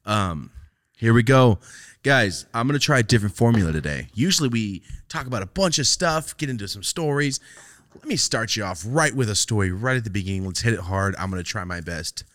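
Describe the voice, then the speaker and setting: A man hosting a casual podcast, telling stories in an animated way, swearing freely and laughing often. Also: on the low side, brisk, no room sound, studio quality. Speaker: podcast host.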